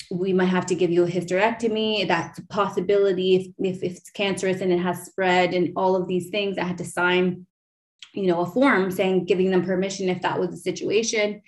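A woman's voice: on the low side, flat delivery, moderate pace, a little mellow. A woman in her thirties hosting a podcast, telling a personal story in a chatty way, full of fillers and restarts. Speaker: podcast host.

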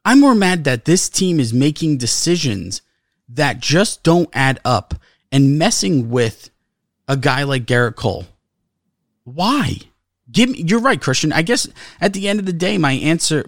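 Profane, animated man ranting about sports. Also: on the high side, unhurried, no room sound, clean studio sound. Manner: profane, frustrated, repeats himself. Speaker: podcast co-host. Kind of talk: heated sports podcast rant.

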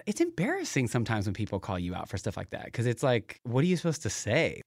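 A young man with a light East Tennessee accent, chatting on a podcast. His pitch swings widely as he talks, restarting his sentences and laughing easily. The recording is dry and close. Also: fast talker, hardly any pauses, dry recording. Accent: East Tennessee, toned down. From Knoxville, Tennessee. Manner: animated, laughs often, repeats words when starting. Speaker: podcast guest, YouTuber. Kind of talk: casual podcast chat.

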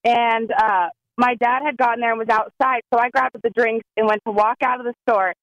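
A young woman telling a story in casual chat, excitable and full of "like"s. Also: a little high, a little fast, no echo, lo-fi sound. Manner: excitable, many "like"s.

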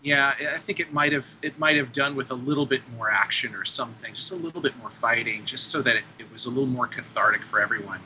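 A man with a very bright, sharp tone who picks his way through his thoughts with halting restarts and a self-deprecating edge. Faint noise hisses behind him. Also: mid-range voice, rough recording. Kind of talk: casual conversation.

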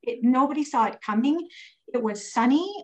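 A woman's voice: high-pitched, lively intonation, normal speed, darkish tone, low-quality recording. A woman recovering from pneumonia, telling a personal faith story in casual, earnest speech full of fillers. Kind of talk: casual testimony.

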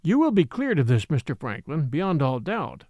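A man's voice: on the high side, sing-song, normal speed, a little mellow, no room sound. A man voicing a loyal elderly male house steward, speaking earnestly and confidentially. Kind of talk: audiobook character reading.

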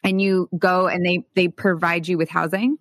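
An interviewer asking questions in a casual chat, playful, with quick asides and frequent laughs. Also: medium pitch, flat delivery, a bit bright, dry recording, clean studio sound.

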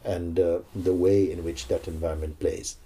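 Man, spiritual teacher, very dark mellow voice, husky, slow reflective pauses. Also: deep voice, steady tone. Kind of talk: spiritual dialogue.

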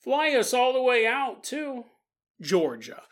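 A woman's voice: fairly high pitch, sing-song, slow pace. A woman co-hosting a podcast, telling a story in a chatty way with joking asides. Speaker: podcast co-host. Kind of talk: casual storytelling.

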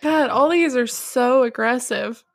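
A woman's voice: fairly high pitch, a little slow, no echo, clean studio sound. A woman co-hosting a podcast, reading old letters aloud in casual chat, laughing often and swearing freely. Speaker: podcast co-host.

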